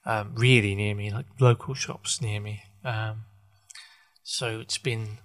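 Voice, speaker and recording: Rambling, halting man podcasting. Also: on the low side, little pitch movement. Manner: halting, full of fillers and self-corrections, wry. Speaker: podcast host. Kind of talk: rambling casual monologue.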